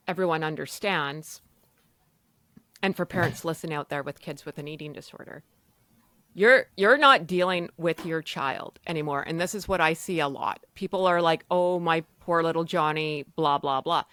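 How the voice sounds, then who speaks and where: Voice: medium pitch, expressive, moderate pace, bright, forceful tone, no echo. A podcast host speaking to parents in an emphatic, conversational way.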